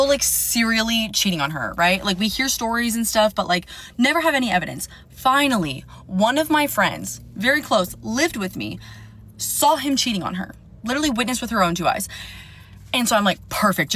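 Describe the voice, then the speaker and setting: Animated young woman telling a story. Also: medium pitch, a little fast. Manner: animated, swearing, acting out quoted dialogue. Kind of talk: casual storytime.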